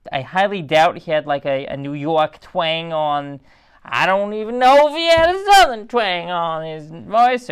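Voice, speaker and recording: A man's voice: fairly high pitch, clear, resonant tone. A tired man giving a casual, rambling Torah talk as a rabbi, in a conversational and digressive way.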